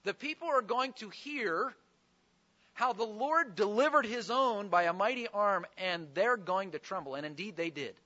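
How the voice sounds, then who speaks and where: A man's voice: sits high, expressive, moderate pace, pushed and bright, lo-fi sound. A man preaching a sermon, explaining scripture with earnest, pleading emphasis.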